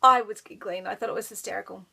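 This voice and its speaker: A woman's voice: medium pitch, fast, creaky, bright, forceful tone, a little hiss or hum. An Australian woman chatting casually to camera as a knitting podcaster, rambling and giggling as she goes. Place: child's bedroom at home.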